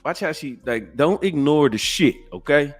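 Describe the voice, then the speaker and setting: A man's voice: on the high side, lively intonation, moderate pace, breathy edge, faint music behind. A man hosting a podcast, giving profane, preachy reaction commentary. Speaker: podcast host.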